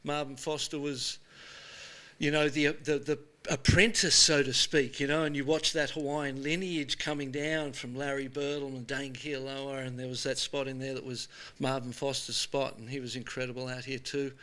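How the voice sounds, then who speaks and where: An Australian man in his sixties, an animated storyteller chatting casually as he is interviewed. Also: medium pitch, normal speed. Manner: animated storyteller, says "mate" often. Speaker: show host being interviewed. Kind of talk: casual chat.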